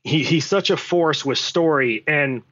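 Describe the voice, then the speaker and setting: A male actor telling an animated set anecdote as a podcast guest, acting out quotes and swearing freely. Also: on the high side, measured pace, muffled recording. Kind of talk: storytelling anecdote.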